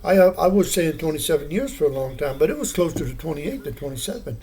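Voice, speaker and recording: A man's voice: a little high, expressive, fast, warm tone. An older man talking casually to the camera in a meandering, plainspoken way, with many fillers and restarts. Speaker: vlogger. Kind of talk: casual rambling monologue.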